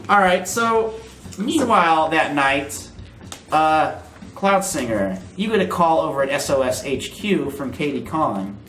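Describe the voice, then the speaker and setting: A man acting as game master, narrating a tabletop game in a relaxed, chatty way, with a roomy echo. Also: fairly high pitch, measured pace. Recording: roomy echo, faint noise.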